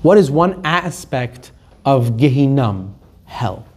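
A man's voice: medium pitch, animated, takes it slowly, slightly rough. A man teaching a Torah lesson, telling stories emphatically and acting out the quotes. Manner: emphatic storytelling, acts out quotes.

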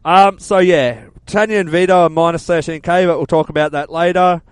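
Deadpan man, slightly high voice. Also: a little fast, clean tone, no echo. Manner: dry, deadpan quips. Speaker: podcast co-host. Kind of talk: casual banter.

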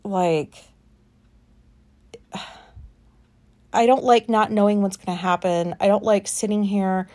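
A woman's voice: medium pitch, steady tone, slow, pauses often, a little mellow. Woman, late thirties, solo podcast host. Anxious, frustrated, rambling and profane. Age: late 30s. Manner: rambling, profane venting with many fillers. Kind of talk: casual solo podcast monologue.

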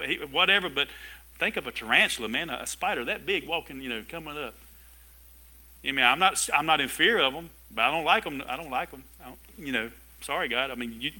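A man delivers a church sermon in a bright, ringing voice pitched a little high for a man. He preaches with energy, breaks off into chatty asides, and chuckles along with his congregation. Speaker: pastor.

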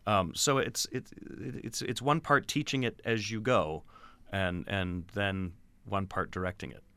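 Bright, deep-voiced man explaining theatre. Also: unhurried, clear, resonant tone, no echo. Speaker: theatre director and acting teacher. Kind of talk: interview answers.

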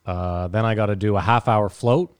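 A man's voice: fairly low pitch, fairly even intonation, moderate pace, clear, resonant tone, no room sound. A man co-hosting a podcast in casual chat, riffing and rambling jokily. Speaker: podcast co-host.

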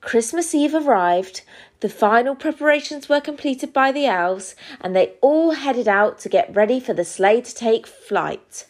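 A woman reading a children's Christmas story aloud as narrator, telling it in an expressive way. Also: on the high side, a little slow.

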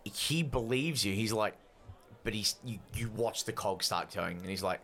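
A man's voice: on the low side, normal speed, a bit bright, slight background noise. A man narrating a tabletop game as game master, slipping into character voices.

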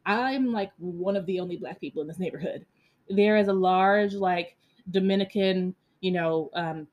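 A woman podcast host telling a story in a casual monologue, animated and blunt, with many fillers and some profanity. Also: mid-range voice.

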